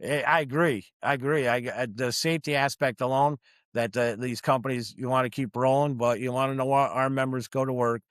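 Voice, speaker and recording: A man's voice: medium pitch, steady tone, fairly quick, clean tone, dry recording, studio quality. A man, a union truck driver from New York, telling blunt, profane work stories in casual podcast chat.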